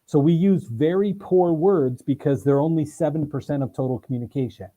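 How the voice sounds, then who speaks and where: A man's voice: a little high, brisk, rough recording. A man, a sales trainer, explaining with energy and emphasis as an interview guest on a video call. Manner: energetic, emphatic, acts out examples in voices. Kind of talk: interview guest, animated teaching.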